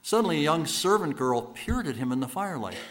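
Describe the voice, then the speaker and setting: A man preaching, retelling stories dramatically with rhetorical repetition, moving between loud bursts and hushed lines. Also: fairly high pitch, very animated, quick pace. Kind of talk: dramatic sermon storytelling.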